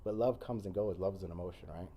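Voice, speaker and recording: A man's voice: deep voice, fast, warm tone, a little hiss or hum. A man talking earnestly as a podcast guest in casual conversation, repeating phrases for emphasis.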